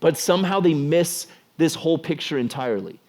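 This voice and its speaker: A young man preaching a casual youth sermon, animated and jokey, acting out the scenes. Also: fairly high pitch, brisk. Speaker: youth pastor.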